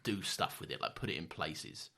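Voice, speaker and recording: A young man co-hosting a podcast in casual chat, animated, laughing often and swearing casually. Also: extremely low pitch, normal speed, gravelly. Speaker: podcast co-host.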